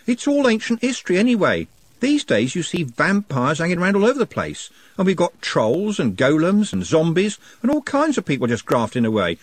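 A man with a husky voice voicing a brash, street-smart young man who talks in a breezy, dismissive way. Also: high voice, huge pitch swings, a little fast, no room sound, voice pushed up, exaggerated voice.

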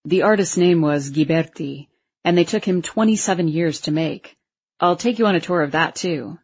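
A woman's voice: on the low side, moderate pace, husky, lo-fi sound, pitched below the performer's own voice. A woman voicing a friendly grown man, a father showing his daughter around, explaining things in an easygoing way.

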